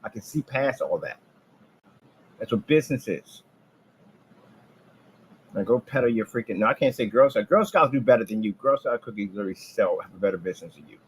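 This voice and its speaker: A man delivering a rambling, boastful trash-talk rant about his business, taunting rivals and jumping from low mutters to loud outbursts. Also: expressive, a little fast, long pauses, breathy edge, poor audio. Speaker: business owner ranting on his channel.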